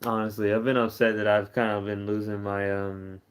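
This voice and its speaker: A man's voice: lowish voice, little pitch movement, normal speed. A tired young man from Texas chatting casually on a late-night live stream, rambling and repeating himself.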